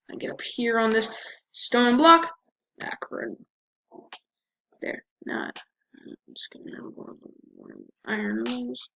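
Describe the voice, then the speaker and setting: A woman provides casual let's-play commentary, chatting away to herself as she plays. Her voice is a little high and slow, with vocal fry, long pauses, and a bright, forceful tone, captured by a dull lo-fi mic with faint noise.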